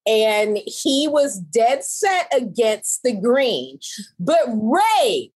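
Bubbly high-voiced woman telling stories. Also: very slow, slightly rough, poor audio. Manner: animated, emphatic storytelling, laughs often. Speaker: interior designer, show competitor. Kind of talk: casual interview chat.

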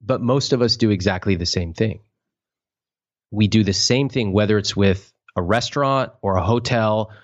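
A man hosting a podcast, telling stories in a casual, animated way and acting out quoted voices with big swings. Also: fairly low pitch, moderate pace, highs cut off. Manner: animated storyteller, acts out quotes in exaggerated voices. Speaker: podcast host.

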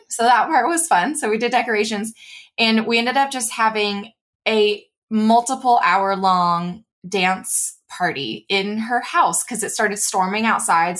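A woman co-hosting a podcast in casual chat, talky and quick to react with laughs. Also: medium pitch, a bit bright. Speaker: podcast co-host.

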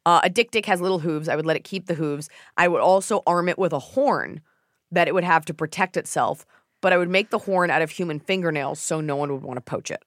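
A woman co-hosting a casual advice chat, cracking sarcastic, deadpan jokes. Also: fairly low pitch, fast talker, no room sound, studio quality. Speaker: podcast co-host.

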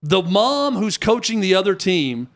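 A high-pitched man in his thirties tells a long story in a casual chat. He talks in an animated way and jumps up in pitch whenever he acts out the people in it. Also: unhurried. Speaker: youth basketball coach telling a story.

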